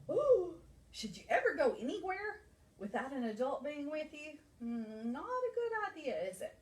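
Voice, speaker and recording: A woman nursery school teacher reading a storybook aloud to young children, animated and asking them questions. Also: a little high. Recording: echoey room, mic far off.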